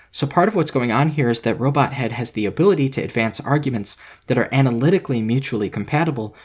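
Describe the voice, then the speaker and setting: Measured man narrating a video essay. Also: mid-range voice. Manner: measured, analytical.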